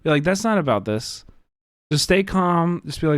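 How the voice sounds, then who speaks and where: A man's voice: on the high side, animated, moderate pace, smooth, no echo, clean studio sound. A man hosting a livestream, talking casually and earnestly, rambling with many fillers. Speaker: livestream host.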